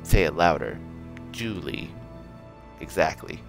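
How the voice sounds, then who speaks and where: A man's voice: low voice, animated, normal speed, soft background music. A man voicing a sneering, menacing man who taunts the hero in a game read-through. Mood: taunting. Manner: snide and taunting.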